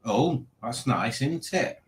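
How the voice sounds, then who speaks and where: A man's voice: mid-range voice, lively intonation, slow. A man hosting a casual livestream, rambling and reading out viewer comments. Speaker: livestream host.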